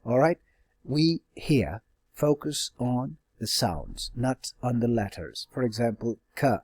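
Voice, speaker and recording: Slow but animated, a male teacher with a mid-range, slightly mellow voice explains stylistic devices to his class one step at a time. His speech is laced with fillers and self-corrections, and he often asks "all right?". No room sound is audible.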